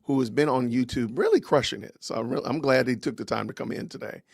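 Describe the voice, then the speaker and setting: Upbeat gravelly host greeting his chat. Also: medium pitch, quick pace, a little mellow, no echo, clean studio sound. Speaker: podcast host. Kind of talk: casual livestream podcast talk.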